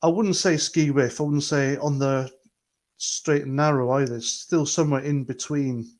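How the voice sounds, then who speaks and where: A man's voice: on the high side, fairly even intonation, moderate pace, a little mellow. A man hosting a livestream, talking earnestly and rambling as he reads out chat comments. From Britain. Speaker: livestream host.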